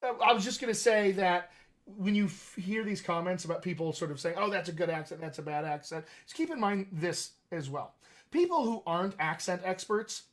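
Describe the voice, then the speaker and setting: A man's voice: sits high, fairly quick. Chatty male dialect coach. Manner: animated, chatty, often laughing. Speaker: dialect coach hosting a live Q&A. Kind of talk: casual live-stream chat.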